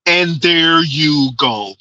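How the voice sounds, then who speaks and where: A man hosting a reaction commentary, talking loudly in a heated, mocking way. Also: a little high, animated, drawn-out words, lo-fi sound, heavy background noise. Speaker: commentary host.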